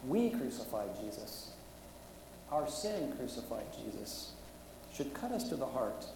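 A man's voice: mid-range voice, very animated, unhurried, vocal fry, background noise. A middle-aged man preaching a sermon as a pastor, telling a story earnestly and holding back his emotion. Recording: echoey hall from far off, faint ambience.

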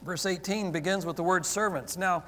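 A male pastor preaching a sermon, talking with the congregation and acting out exclaimed questions in an animated way. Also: high-pitched, moderate pace, big-room sound. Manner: animated, interacts with congregation, acts out quoted exclamations. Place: church sanctuary.

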